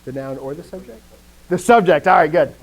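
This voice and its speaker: A man's voice: a little high, fairly quick, low-quality recording. A man teaching a live grammar lesson, asking the class questions and restarting his sentences as he thinks. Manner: lively, asks questions and answers himself.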